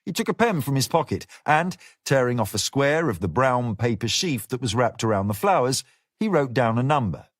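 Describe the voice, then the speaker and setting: A man narrating a thriller audiobook in a measured, deliberate way. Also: no echo, clean studio sound. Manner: measured and deliberate, lively pitch. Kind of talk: scripted thriller narration with character dialogue.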